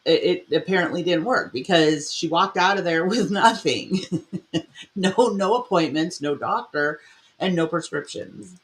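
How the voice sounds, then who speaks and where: A woman streamer who pauses a video to make sarcastic comments and greet her chat members by name. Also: lowish voice. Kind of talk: live-stream reaction commentary.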